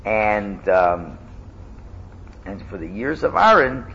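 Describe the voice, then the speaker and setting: A man teaching a casual class, lively and animated, chanting loudly when he demonstrates. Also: on the low side, slow pace, lo-fi sound.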